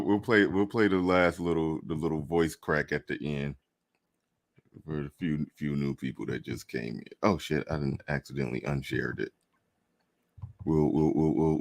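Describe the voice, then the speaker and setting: A man hosting a livestream, reacting to a clip in a halting way, laughing often and repeating words. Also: extremely low pitch, darkish tone. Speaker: livestream host. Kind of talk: casual livestream commentary.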